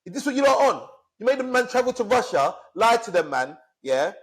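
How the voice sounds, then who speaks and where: A man's voice: extremely high pitch, big pitch swings, brisk, slightly rough. A man, ranting and swearing as a podcast co-host in heated casual chat. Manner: angry, swearing, fired up.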